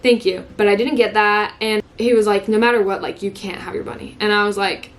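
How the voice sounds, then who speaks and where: A woman's voice: medium pitch, fairly even intonation, brisk, hardly any pauses, slight background noise. A young woman vlogger telling an emotional story in casual chat, tearful and saying "like" constantly. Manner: emotional, heavy use of "like", breaks into laughs.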